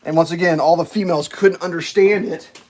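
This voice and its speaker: A man's voice: on the high side, fairly even intonation, fairly quick. Chatty man telling a rambling story. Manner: rambling, anecdotal, many fillers. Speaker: livestreamer. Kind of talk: casual storytelling chat.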